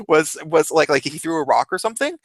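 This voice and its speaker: A young man telling a story in a casual, animated way, laughing often and swearing. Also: fairly high pitch, dry recording. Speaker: vlogger.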